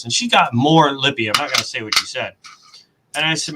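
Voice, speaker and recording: An American man in casual chat, telling a story in an animated way and acting out the quotes. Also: medium pitch, a little fast, very noisy. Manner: animated storyteller, acts out quotes, mild cursing dodges. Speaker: coin roll hunting host.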